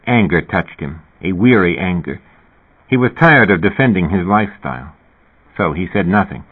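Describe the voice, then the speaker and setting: A man narrating an audiobook in a quiet, subdued manner. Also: sits low, lively intonation, normal speed, husky. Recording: tinny phone-like radio sound.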